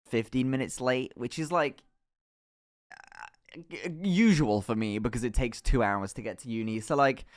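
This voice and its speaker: Young guy streaming, storytime rant, laughs a lot, swears, does the voices of people. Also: medium pitch. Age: young adult. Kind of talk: casual storytelling chat.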